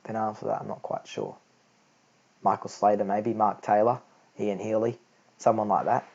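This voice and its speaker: A teenage boy giving rambling, low-key homemade cricket commentary and often correcting himself mid-sentence. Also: steady tone, moderate pace, vocal fry, darkish tone, slightly rough. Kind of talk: homemade live audio commentary. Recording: dull lo-fi recording.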